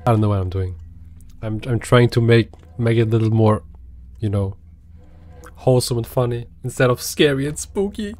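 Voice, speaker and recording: Animated man chatting through a horror game. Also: medium pitch, normal speed. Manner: chatty, talks to the game, jumpy yelps. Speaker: gaming video creator. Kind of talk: casual let's-play commentary.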